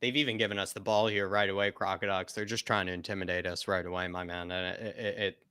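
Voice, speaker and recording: Bright-voiced man hosting a watchalong. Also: deep voice, level tone, clean tone, dry recording. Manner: measured, conversational, reads viewer messages aloud. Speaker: host of a fan watchalong. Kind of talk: live match chat reading super chats.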